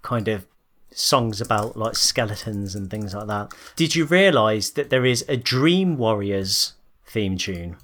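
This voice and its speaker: A man co-hosting a podcast who chats in a relaxed, joking way and runs a quick quiz. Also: lowish voice. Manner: laid-back, joking. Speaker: podcast co-host. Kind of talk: casual chat.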